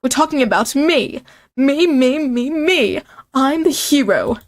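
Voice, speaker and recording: Girl doing a pompous old colonel chef in a game, put-on accent, slow and dramatic, all about himself. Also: high-pitched, animated, voice pushed up, exaggerated voice. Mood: boastful. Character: hearty old male fast-food colonel chef, dreamy and self-centered.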